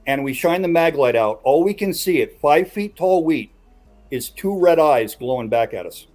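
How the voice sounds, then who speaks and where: A man's voice: fairly high pitch, animated, moderate pace, a little mellow. A man hosting a casual podcast chat who builds suspense as he tells a story. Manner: builds suspense while recounting a tale.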